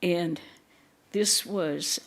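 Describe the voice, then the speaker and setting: Woman preaching in a temple, slow and unhurried, gentle storyteller, lowish voice. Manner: gentle storytelling with soft laughs and quiet asides. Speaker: nun giving a temple talk. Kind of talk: sermon.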